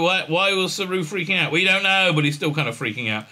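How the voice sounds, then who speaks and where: A man hosting a sarcastic episode recap, mocking and exasperated, full of halting fillers. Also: high-pitched, expressive, bright, forceful tone. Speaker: show host reviewing a TV episode.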